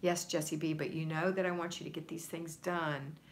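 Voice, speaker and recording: Woman, low pitch, livestream home-organizing coach, chatty and encouraging, faint room ambience. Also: little pitch movement, normal speed, slight background noise. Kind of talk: livestream chat reading viewer comments.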